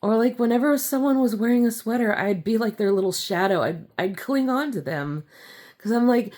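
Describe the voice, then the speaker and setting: A young woman talking in a casual personal vlog, giggly and halting, full of fillers and restarts. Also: a little mellow. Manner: slips into a squealing high voice when acting out her younger self. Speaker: vlogger.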